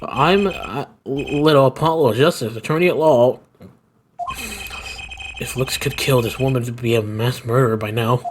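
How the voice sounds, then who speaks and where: A man's voice: medium pitch, normal speed, a little hiss or hum, pitched below the performer's own voice, close to an everyday voice. A man doing a flustered young lawyer. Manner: hesitant, stammering. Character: young male defense lawyer, flustered and put-upon. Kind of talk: fan voice-over dub of a video game. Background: game music.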